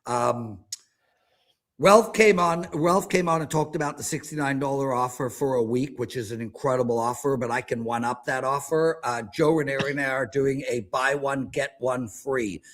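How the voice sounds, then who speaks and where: A man in his fifties, a sports betting handicapper in casual panel chat, ranting in an animated, self-mocking way. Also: mid-range voice, normal speed. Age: 50s.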